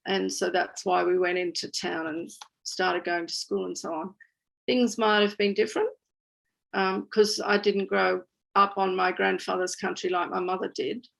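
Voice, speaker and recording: A woman's voice: fairly low pitch, little pitch movement, normal speed, gravelly, a bit bright, rough recording. A woman, a guest speaker telling her story in a candid, chatty way at a community talk. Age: 60s. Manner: candid, chatty, laughs easily.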